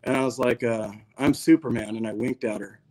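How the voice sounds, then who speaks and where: A man's voice: mid-range voice, fairly even intonation, quick pace, low-quality recording. A man as a podcast guest, telling a long story in a casual, slangy, laid-back way. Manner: laid-back, slangy, peppers talk with "dude".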